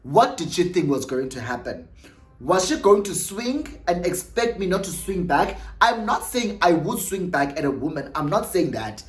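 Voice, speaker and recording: A young South African man with a South African accent, telling a story casually in an animated way and slipping in isiXhosa phrases. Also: high voice, moderate pace, echoey room, faint music behind. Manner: animated, laughing, mixes isiXhosa phrases into his talk. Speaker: vlogger.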